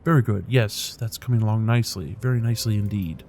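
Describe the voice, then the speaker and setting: A man's voice: lowish voice, darkish tone, slight background noise, natural voice. A man reading as a cultured, polite engineer. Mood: polite, measured. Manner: polite, measured, unhurried. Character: cultured, pleasant middle-aged man, calm drone engineer.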